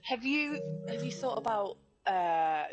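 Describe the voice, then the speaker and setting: A woman with a bouncy, lively voice teases her co-host on a live stream. Her chat is quick and playful. Faint music plays behind her. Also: fairly high pitch, dull audio. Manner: playful, teasing.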